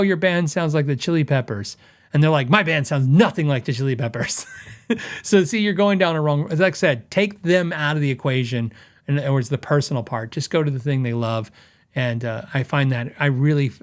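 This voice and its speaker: A middle-aged man hosting a podcast, talking casually and conversationally, often correcting himself and quoting customers in quick asides. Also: medium pitch. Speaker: podcast host; guitar repair tech.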